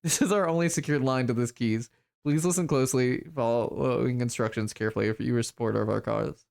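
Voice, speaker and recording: Automated male message voice, monotone, even; read by a streamer. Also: medium pitch, fast, vocal fry, close to an everyday voice. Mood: flat. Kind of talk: reading game text aloud.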